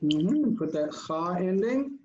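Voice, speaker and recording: A man's voice: high-pitched, animated, slow pace, a little mellow, muffled recording, slight background noise. A man teaching a Hebrew grammar class online, patiently drilling word forms and quizzing his students. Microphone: video call.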